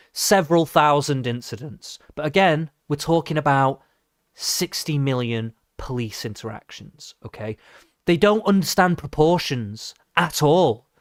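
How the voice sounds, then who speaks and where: A male streamer rants his way through a live reaction stream, profane and mocking. His voice is on the high side with a fairly bright tone, and the sound is dry and closeup with no echo.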